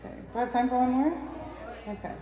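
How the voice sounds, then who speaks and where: A woman giving a measured, lyrical poetry reading at a pub reading night, with shy asides between poems. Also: high voice. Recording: echoey dull sound from a distant mic in a pub.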